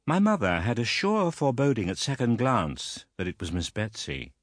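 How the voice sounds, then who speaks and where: An audiobook narrator, male, reads a classic novel with measured, expressive storytelling. His voice sits in the mid range, and the studio-quality recording has no room sound.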